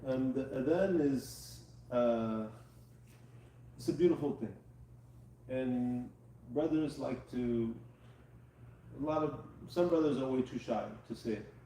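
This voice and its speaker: Male teacher, patient lecturing style, mellow tone, echoey room heard from a distance. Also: mid-range voice, slow, pauses often, slight background noise. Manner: patient, checks with students. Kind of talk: live class teaching. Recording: echoey room, mic far off.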